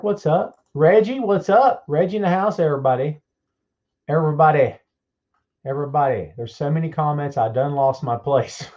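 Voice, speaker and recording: A man's voice: mid-range voice, a little mellow, muffled recording. A man hosting a live podcast stream, greeting viewers by name in an upbeat, folksy, chatty way. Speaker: podcast host.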